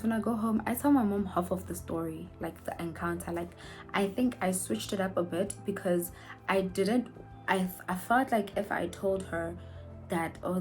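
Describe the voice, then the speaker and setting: A young woman from South Africa telling a personal story to her viewers in a storytime vlog. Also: on the low side. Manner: animated storytelling, addresses viewers as guys. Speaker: YouTuber. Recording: faint background music.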